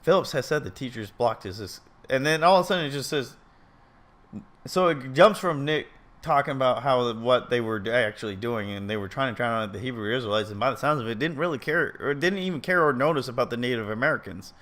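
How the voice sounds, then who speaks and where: This man, a video commentator, talks a little fast in a mid-range, somewhat bright voice while reading an article and giving his casual take. He's sincere and full of opinions, wandering off topic and often stumbling and correcting himself.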